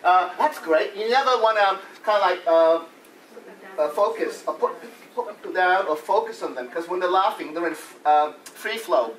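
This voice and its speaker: A man's voice: high voice, animated, moderate pace, fairly bright tone. A man leading a laughter club workshop in a playful way, breaking into laughs as he shows the exercises to a room full of people. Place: conference room with an audience. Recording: echoey room, mic far off, audience noise.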